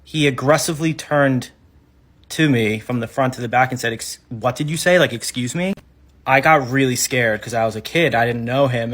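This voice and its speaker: Male storyteller, mid-range voice, measured and halting delivery, recalling a childhood memory. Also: mid-range voice. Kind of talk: casual storytime.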